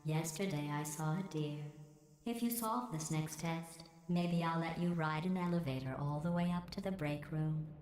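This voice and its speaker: A woman voicing a cold, sardonic female computer AI in a game, with a deadpan, mock-pleasant delivery through a synthetic filter. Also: medium pitch, moderate pace. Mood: mock-friendly. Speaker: game character.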